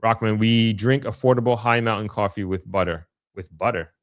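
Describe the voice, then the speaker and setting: Man, Long Island accent, lowish voice, chatty live-stream host, dry close mic. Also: normal speed, dry recording. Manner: chatty, upbeat, reads viewer comments aloud. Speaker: livestream host reading chat. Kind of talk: casual live-stream chat.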